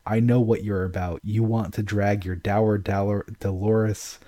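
A man's voice: on the low side, steady tone, unhurried, mellow, natural voice. A man reading aloud, voicing a boisterous, volatile, drunken old emperor who bellows and mocks. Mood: mocking.

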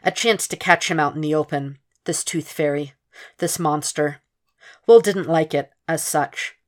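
A woman narrating a fan fiction audiobook in a steady, measured reading. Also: deep voice. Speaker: podfic reader.

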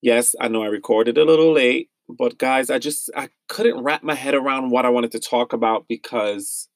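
On a dry recording, a young man from the US speaks at normal speed in a mid-range voice while hosting his solo podcast. Pained and angry, he vents emotionally and keeps repeating himself.

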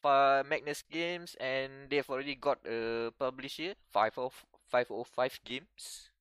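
A man's voice: mid-range voice, steady tone, measured pace, a bit bright, clear, resonant tone, dry recording. A man from Malaysia co-hosting a gaming podcast in casual chat, rambling and hesitant with frequent laughs. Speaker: podcast co-host.

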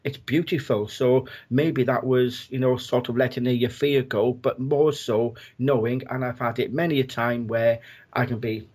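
A man, a medium, telling a personal story in a gentle, rambling way with many fillers and restarts. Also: medium pitch, fairly even intonation, moderate pace, slightly rough.

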